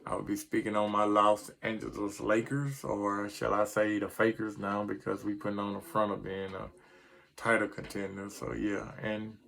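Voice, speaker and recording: A man's voice: lowish voice, flat delivery, normal speed, creaky, a bit bright. A middle-aged man, ranting casually about his sports team in a rambling, frustrated way that trips over words. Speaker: sports vlogger.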